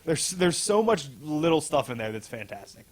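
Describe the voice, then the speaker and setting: A man's voice: a little high, big pitch swings, moderate pace. A man co-hosting a podcast, casually recapping a comic with a rambling, laughing delivery and casual swearing. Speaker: podcast co-host.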